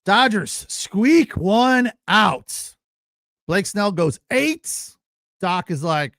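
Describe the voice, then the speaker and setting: A man's voice: high-pitched, expressive, takes it slowly, a bit bright, no echo, studio quality. A man hosting a casual sports podcast, ranting loosely with fillers, restarts and the odd swear word. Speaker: podcast host.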